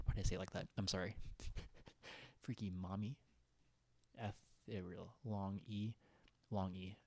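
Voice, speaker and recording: A man's voice: on the low side, warm tone. A young man hosting a casual livestream, rambling and giggling as he chats with viewers and reads their comments. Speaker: livestream host.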